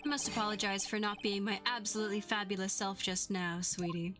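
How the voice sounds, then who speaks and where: A woman's voice: medium pitch, little pitch movement, fairly quick, over music, close to an everyday voice. A woman voicing a vain, flamboyant male stage magician who talks in a drawling, affected way. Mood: smug. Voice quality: drawling, affected "sweetie" manner.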